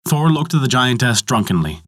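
A man narrating a mythology story in a measured, dramatic storytelling manner. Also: mid-range voice, big pitch swings, a bit bright, dry recording, clean studio sound.

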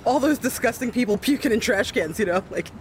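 Quick lively tabletop player, rambling, mock-earnest, faint hiss. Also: mid-range voice. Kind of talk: tabletop game banter.

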